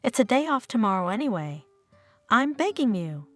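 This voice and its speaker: An earnest young father pleads and worries in a storybook tale, as a woman narrator reads him. The delivery stays close to the narrator's own voice, with a lively, moving pitch. Faint music hums behind. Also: normal speed.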